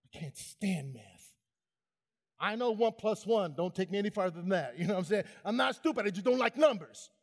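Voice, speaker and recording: Older male preacher, fervent and high-voiced, long hall reverb. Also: lively intonation, fairly quick. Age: 60s. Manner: fervent, calls to the crowd. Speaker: conference keynote speaker. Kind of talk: preaching sermon.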